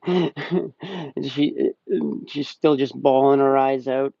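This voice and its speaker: Young man, movie reviewer, gravelly, dark, slow, rambling, profane, muffled dry audio. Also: medium pitch, fairly even intonation, no echo. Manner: rambling, profane, laughs often. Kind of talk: casual live-stream movie review.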